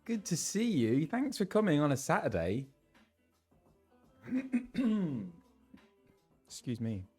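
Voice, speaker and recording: A young British man chatting casually on a live stream and greeting viewers, his voice a little low as he recovers from laryngitis. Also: huge pitch swings, slow, darkish tone, husky, faint music behind. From England. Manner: chatty, reads out viewers' messages with laughs and fillers. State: recovering from laryngitis, voice lower than usual.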